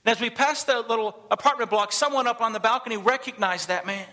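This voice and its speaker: A man preaching a sermon to a church congregation, telling stories and acting out the people in them with animated delivery. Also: very high voice, quick pace. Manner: animated, acts out quoted voices. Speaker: missionary pastor. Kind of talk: sermon storytelling. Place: church service.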